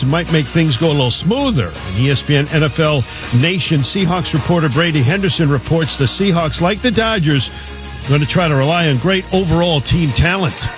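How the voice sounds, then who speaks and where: A male sports newsreader with a slightly higher voice, delivering a brisk, polished scripted update. Faint music plays under him. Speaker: radio news update anchor. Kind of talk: scripted sports news reading.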